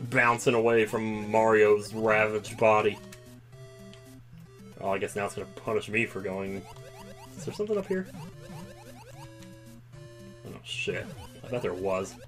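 A man giving casual, excitable commentary while playing a video game, breaking into loud outbursts. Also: lowish voice, a little slow, pauses often, music in the background. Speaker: let's play gamer.

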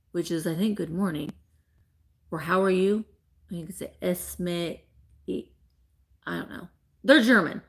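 A woman runs a casual live-stream auction of vintage items, her fairly low voice pushed and bright, with vocal fry and long pauses as she takes her time. She jokes with viewers by name and laughs often.

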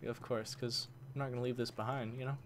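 A man's voice: mid-range voice, flat delivery, quick pace. A man giving casual commentary while playing a shooter on his computer, grumbling and swapping swear words for milder ones, his voice worn from recording too long. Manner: grumbling, swaps swears for mild words, talks to enemies. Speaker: gaming channel host. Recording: game gunfire noise behind voice.

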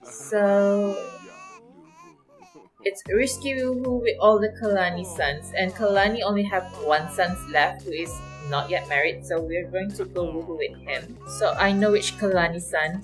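A woman hosting her own gaming channel, giving casual let's-play commentary. She is chatty and excitable, laughs often, and talks straight to the characters on screen. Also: fairly low pitch, measured pace, low-quality recording. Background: faint background music.

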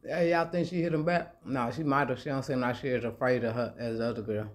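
A man's voice: mid-range voice, steady tone, quick pace. Slangy man riffing on a clip. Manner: slangy, incredulous. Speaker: reaction video host. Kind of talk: casual reaction commentary.

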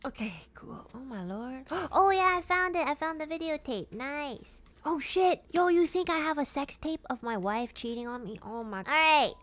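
A woman's voice: high voice, animated, moderate pace, fairly bright tone. A young woman streaming a horror game, jumpy and playful, swearing, joking, screaming and laughing as she plays. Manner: playful, jokes about the story. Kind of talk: horror game let's play commentary.

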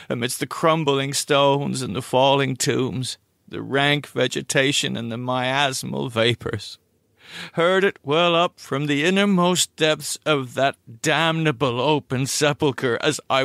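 A man reading a horror story aloud in a grave, deliberate voice with dramatic pauses. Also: mid-range voice, creaky, a bit bright, dry recording, studio quality. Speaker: audiobook reader. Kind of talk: scripted horror narration.

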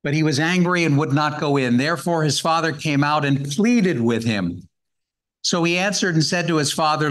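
A man's voice: a little high, moderate pace, fairly bright tone, poor audio. A man giving a Bible-hour sermon, earnestly reading scripture and explaining it verse by verse. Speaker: guest speaker at a Bible hour.

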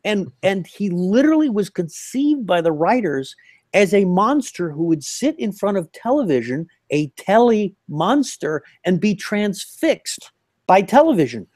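An older man tells anecdotes with a lively, storytelling manner. His voice sits fairly high for a man. The sound is dry and close, with no room around it. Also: unhurried, no echo. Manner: animated anecdotal storytelling with laughs. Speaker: puppeteer guest. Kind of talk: casual interview storytelling. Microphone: remote call line.

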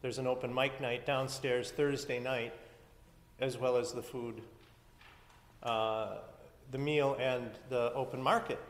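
A man's voice: medium pitch, steady tone, measured pace. A man giving church announcements from the front as pastor, chatty and rambling, with many fillers and restarts. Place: church sanctuary. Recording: echoey hall from far off.

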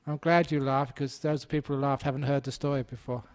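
A man's voice: mid-range voice, level tone, fairly quick. A man, a Buddhist monk, giving a humorous dharma talk and telling a story. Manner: storytelling, playful, does animal sounds.

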